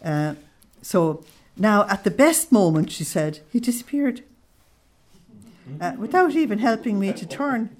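A woman's voice: mid-range voice, animated, a little slow. A middle-aged woman giving an informal religious talk to a group, reading quotes aloud with feeling and laughing often. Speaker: speaker on Christian mysticism.

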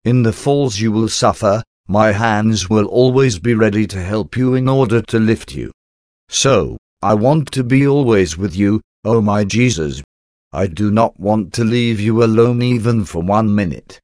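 Man, lowish voice, dry close sound, slow reverent prayer reading in short phrases. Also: lively intonation, a little mellow, no echo. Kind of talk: reading a devotional prayer aloud.

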